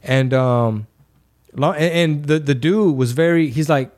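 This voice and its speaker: Animated storytelling man from Texas. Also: on the high side, a little slow. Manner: animated, swears freely, acts out quotes. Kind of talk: casual storytelling.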